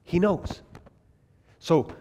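A man teaching a Bible class in a lively, conversational way, asking his listeners questions as he goes. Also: drawn-out words, long reverb tail. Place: large classroom or hall.

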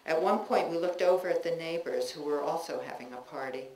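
A woman's voice: deep voice, darkish tone. Woman reading her essays in an echoey room. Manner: measured, reflective reading with chatty asides between pieces. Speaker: author reading her own work. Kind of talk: public reading of personal essays. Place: bookstore reading room with a live audience. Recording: echoey room recording with faint ambience.

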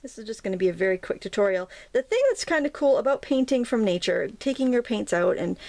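A woman's voice: on the high side, animated, fast talker, gravelly, a little mellow, no room sound. A woman in her thirties hosting a casual painting tutorial, chatty and rambling, with lots of ums as she works. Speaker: craft video host.

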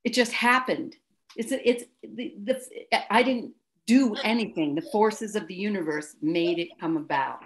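A woman hosting an interview, gushing with praise and telling animated personal stories in a casual chat. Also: medium pitch, unhurried. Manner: effusive, storytelling, gushing praise. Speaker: host.

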